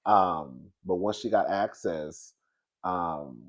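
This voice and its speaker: Man, sassy gossip host, animated, frequent laughter. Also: deep voice, slow pace. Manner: animated, sassy, laughs often, calls listeners girl and baby. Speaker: commentary show host. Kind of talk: casual gossip commentary.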